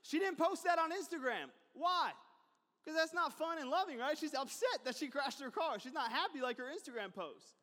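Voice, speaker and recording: A man's voice: very high voice, animated, normal speed, a bit bright. A man preaching a sermon as a pastor, talking in a conversational way with asides and repeated phrases. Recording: long hall reverb.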